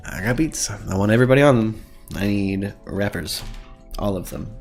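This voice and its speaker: A man's voice: on the low side, moderate pace, gravelly, a little mellow, soft background music. A man co-hosting a live news stream in casual chat, loose and profane, laughing often. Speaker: podcast co-host.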